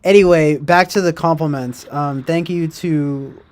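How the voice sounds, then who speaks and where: A man's voice: a little high, fairly even intonation, measured pace. Rambling jokey male streamer. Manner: rambling, jokey, reads out chat comments in mock voices. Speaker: livestream host. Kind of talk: casual livestream chat.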